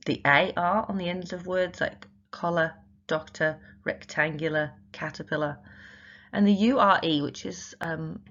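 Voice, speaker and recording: A woman's voice: deep voice, fairly bright tone, dull audio. A woman teaching spelling in an instructional video, explaining patiently step by step with many examples and frequent "um" fillers. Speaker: literacy teacher trainer.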